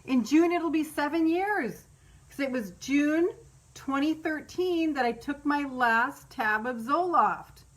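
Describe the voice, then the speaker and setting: A woman's voice: high voice, slow. A middle-aged woman hosting a casual live stream, candid and rambling, who laughs often and swears freely. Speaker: meditation host on a live stream.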